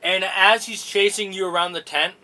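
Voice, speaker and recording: A man narrating a tabletop game as game master, in halting, rambling sentences full of fillers. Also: high voice, steady tone, pushed and bright.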